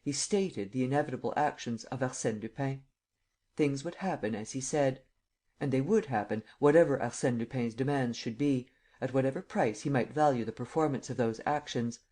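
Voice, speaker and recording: A man narrating a classic novel in a measured, steady way. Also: medium pitch. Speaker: audiobook narrator. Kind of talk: scripted narration.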